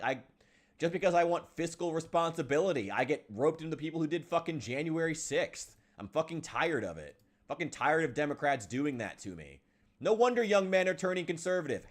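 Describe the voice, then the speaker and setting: Streamer, male, from Illinois: swings his pitch a lot, vents and swears freely over gameplay. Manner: frustrated ranting, swears often, sighs. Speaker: game streamer. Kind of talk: casual live-stream chat while gaming.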